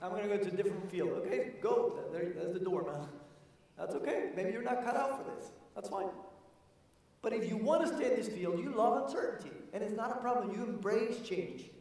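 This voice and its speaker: An energetic man delivering a motivational keynote, telling a story and talking straight to the crowd. His voice is fairly high for a man and sounds distant, with a long reverb ringing through a large conference hall. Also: a little fast. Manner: energetic, storytelling, addresses the audience directly. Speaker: keynote speaker. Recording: echoey hall, voice from afar.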